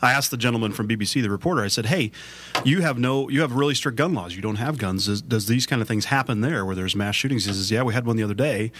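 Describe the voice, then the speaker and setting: A man's voice: medium pitch, fast talker, a bit bright, slight background noise. A man co-hosting a morning talk radio show, chatting eagerly and laughing along with his guest. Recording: radio broadcast.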